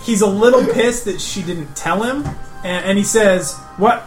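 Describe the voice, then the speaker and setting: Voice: mid-range voice, normal speed, roomy sound, soft background music. A player casually narrating their character in a tabletop game, rambling a little.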